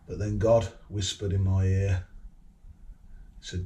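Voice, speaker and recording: Swaggering low-voiced British man, dark tone. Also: steady tone, a little slow, long pauses, slight background noise. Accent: British English. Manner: swaggering and combative, heavy swearing. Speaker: vlogger. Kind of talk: rambling profane vlog monologue.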